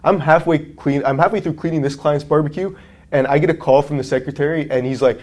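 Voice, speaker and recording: A man's voice: on the high side, quick pace. A young man in his twenties, a guest on an interview podcast, telling a work story casually and acting out the people in it. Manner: animated storyteller, acts out quotes in a raised voice. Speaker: guest, franchise owner.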